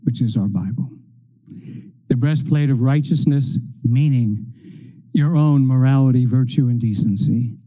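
A man delivering a sermon at an unhurried, deliberate pace. His voice is deeply dark and mellow. He works steadily through a list of numbered points. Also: rough recording. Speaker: preacher.

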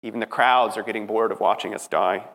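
A man voicing a dying male thief on a cross, weary and hopeful, speaking quietly in a strained, solemn way. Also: on the low side, steady tone, fairly quick, creaky. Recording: long reverb hall.

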